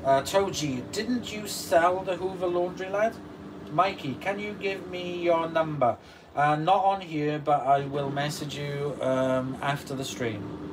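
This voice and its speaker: A man hosting a casual livestream, reading out viewer comments and answering them beside a running washing machine. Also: a little high. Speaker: livestream host. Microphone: distant mic. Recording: distant mic with steady background noise.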